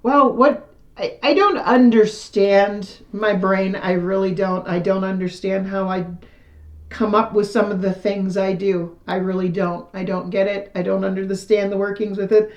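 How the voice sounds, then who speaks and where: A woman doing a casual tarot reading, chatty and self-deprecating, her voice still a little hoarse after losing it. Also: medium pitch, fairly even intonation, normal speed, roomy sound. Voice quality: slightly hoarse, recovering from lost voice. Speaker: tarot reader. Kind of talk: casual tarot reading, reading card texts aloud.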